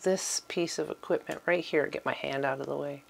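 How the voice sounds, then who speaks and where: A middle-aged woman giving a relaxed, chatty tour of her small home craft room. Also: deep voice, moderate pace, gravelly. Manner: chatty, with fillers and little laughs. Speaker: vlogger giving a studio tour. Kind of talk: casual tour talk.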